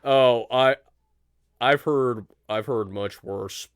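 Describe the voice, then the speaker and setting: A man hosting a casual live chat show, talking in halting bursts with frequent restarts. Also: medium pitch, smooth, dry recording, clean studio sound. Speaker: podcast host.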